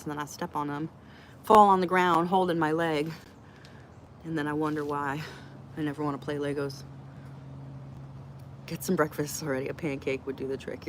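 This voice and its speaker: Middle-aged lady doing a live q&a, blunt and jokey, talks right back to chat, bit of faint hiss behind her. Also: low-pitched. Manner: chatty, blunt and joking, reacting to comments. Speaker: livestream host answering chat.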